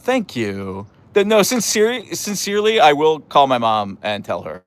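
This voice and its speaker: A man's voice: on the high side, wildly swooping pitch, moderate pace, hardly any pauses. A man hosting a casual live stream, reading viewer messages and rambling through asides and restarts. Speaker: livestream host.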